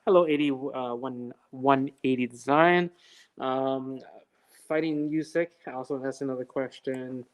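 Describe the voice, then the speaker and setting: A man's voice: medium pitch, fairly even intonation, a little slow. A man co-hosts a casual live stream from a knife shop, reading viewers' questions aloud. He talks in a mid-range voice, hesitating often with "uh" and "um". He is agreeable and easygoing, backing up his co-host.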